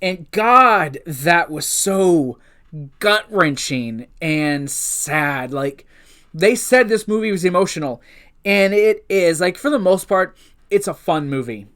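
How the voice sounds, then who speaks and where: A man's voice: high voice, expressive, takes it slowly, a bit bright. A man giving a casual, unscripted movie review, rambling with restarts and swearing freely as an eager fan.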